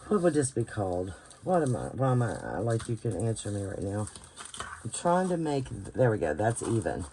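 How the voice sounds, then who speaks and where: A woman's voice: a bass voice, big pitch swings, normal speed, dark tone, slight background noise. Tired West Virginian woman rambling while crafting. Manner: rambling, thinks aloud, searches for words. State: tired late at night. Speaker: bookbinding crafter hosting her channel. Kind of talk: casual hands-on craft tutorial. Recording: clear crinkling paper and clicking sounds behind.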